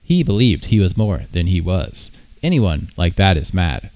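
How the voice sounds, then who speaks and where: Guy doing a low slow haughty ancient spirit thing, cryptic and aloof, muffled lo-fi sound. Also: sing-song, a little mellow, no echo. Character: ancient bodiless being, aloof and disdainful.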